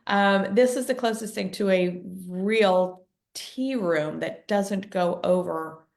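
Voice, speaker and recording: A woman's voice: medium pitch, takes it slowly, gravelly. A middle-aged woman co-hosting a podcast, telling a long story in a chatty way and acting out the voices she quotes. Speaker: podcast co-host. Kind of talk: casual chat, storytelling.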